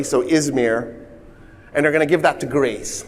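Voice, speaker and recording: A man's voice: medium pitch, normal speed, a little hiss or hum. Man explaining history in a big reverberant space. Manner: lively storytelling with voiced asides. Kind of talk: casual history lesson. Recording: long reverb.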